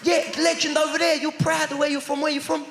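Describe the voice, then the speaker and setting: A man's voice: very high voice, flat delivery, fast, creaky. A man doing stand-up, bantering cheekily with the crowd from a big theatre stage. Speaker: stand-up comedian. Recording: live theatre recording with long reverb. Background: loud audience laughter and noise.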